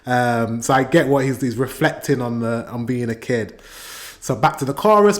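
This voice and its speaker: A man's voice: mid-range voice, moderate pace. A British man hosting a reaction video, reading out translated song lyrics and chatting through what they mean. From Britain. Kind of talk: casual reaction commentary.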